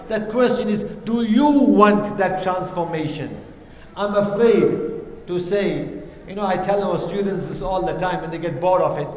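A man preaching a sermon in a high, ringing voice. He speaks with emphasis and repeats his key lines for weight. The sound fills a large mosque hall with long, heavy reverb. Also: darkish tone. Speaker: imam. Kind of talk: Friday sermon.

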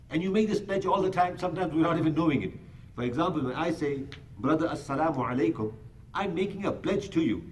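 Man preaching from a distance, high voice. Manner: rhetorical, acts out everyday scenes, recites Arabic verses. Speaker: Islamic preacher. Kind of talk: sermon explaining Quran verses.

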